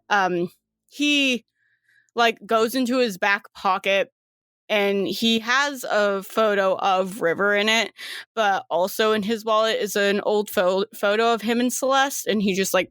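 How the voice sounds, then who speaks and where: A woman's voice: mid-range voice, a bit bright, clear, resonant tone. A woman narrating as game master in a loose, casual way with frequent fillers and swearing. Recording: music playing behind.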